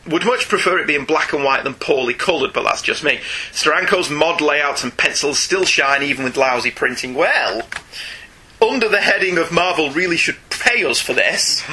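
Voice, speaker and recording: A man's voice: on the high side, bright, forceful tone, breathy edge. A man hosting a podcast, reading out listener emails in a chatty, jokey way. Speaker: podcast host.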